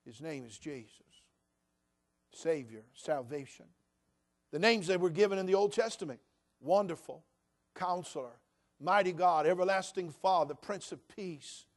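High-voiced preacher, dramatic swings. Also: male voice, animated. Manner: swings between soft, hushed passages and loud, emphatic declarations; slows down to stress key phrases. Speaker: pastor. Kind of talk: sermon.

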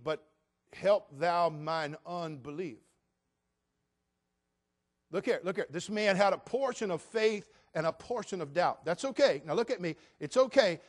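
This sermon comes from a male pastor in his sixties whose voice is pitched slightly above the typical man's. He tells Bible stories with animation, performing the characters' voices.

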